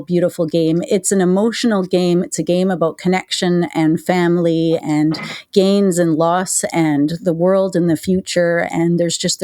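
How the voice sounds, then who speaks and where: A woman's voice: on the low side, dark tone, no echo. A woman hosting a podcast, chatting casually and enthusiastically with lots of fillers. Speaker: podcast host. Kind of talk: casual chat.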